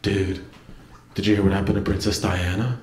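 A man on a comedy stage voicing his dim-witted, hulking younger brother in a slow, low, dopey voice. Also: fairly even intonation, darkish tone, close to an everyday voice. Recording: echoey club with a laughing crowd.

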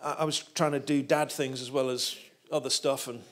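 A man's voice: mid-range voice, fairly even intonation, fairly quick. A man, a guest preacher telling a humorous story in a sermon.

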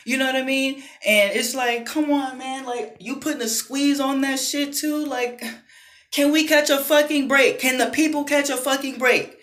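A woman delivers a furious, profanity-laced rant straight to camera, tossing in "you know what I mean" again and again. Her voice sits high, and the room around her rings with echo. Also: moderate pace, a bit bright. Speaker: vlogger. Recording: echoey room.

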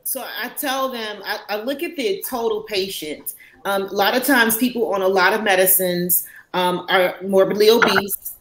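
A woman physician on a live panel, explaining in a measured, clinical way with pauses. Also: mid-range voice, steady tone, fairly bright tone, echoey room, slight background noise, rough recording. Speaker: physician guest.

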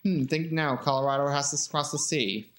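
A man reading a game aloud, putting on a pompous gentleman explorer with plummy, old-fashioned phrasing. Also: a little high, fairly quick, slight background noise, lightly acted. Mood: grandiose.

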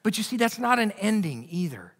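Earnest high-voiced male pastor preaching. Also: sing-song, a little fast, in a large hall. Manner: earnest, restarts words, shifts from raised to quiet. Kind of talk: sermon. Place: church sanctuary.

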